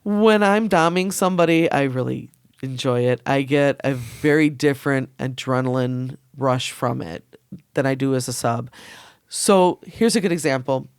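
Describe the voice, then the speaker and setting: Candid, laughing woman with a smooth voice. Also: extremely low pitch, no room sound, clean studio sound. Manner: candid, laughing, fast bursts. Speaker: podcast guest. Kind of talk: casual chat.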